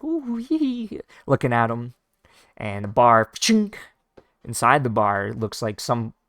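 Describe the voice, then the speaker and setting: A man casually reading a comic aloud, describing the panels in an informal, halting way with many fillers. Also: medium pitch, gravelly, fairly bright tone, no echo, clean studio sound. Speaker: read-along narrator. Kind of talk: casual read-along of a comic.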